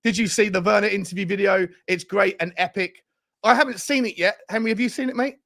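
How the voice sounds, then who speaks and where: A man hosts a fan livestream in an excitable, slangy way. His voice sits high and has a gravelly, fried edge. He rattles through viewer messages with plenty of hype. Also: fast. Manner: excitable, hyped, slangy banter. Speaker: fan show host. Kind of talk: livestream chat reading super chats.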